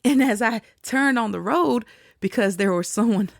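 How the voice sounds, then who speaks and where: A woman podcast host telling a personal faith testimony, slow and reflective, with soft laughs between thoughts. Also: on the high side, gravelly, no room sound, clean studio sound.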